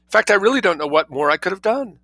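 A man reading a story aloud as audiobook narration, in an expressive, wry storytelling manner. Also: sits high, quick pace, dry recording, rough recording. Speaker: reader.

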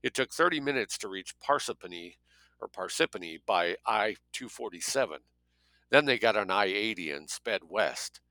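A man reads a thriller aloud with a bright, forceful tone and a somewhat low voice. He keeps a plain narrating style, slipping in offhand asides of his own. The recording is dry and close. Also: expressive, normal speed, no echo. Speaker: audiobook reader.

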